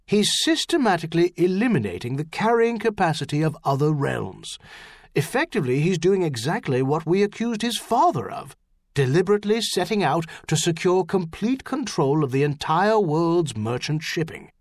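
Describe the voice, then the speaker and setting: A man's voice: a little high, sing-song, normal speed, dry recording, studio quality, voice pushed up. A man reading an audiobook, voicing a pious, earnest treasurer who explains things urgently. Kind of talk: audiobook character voice.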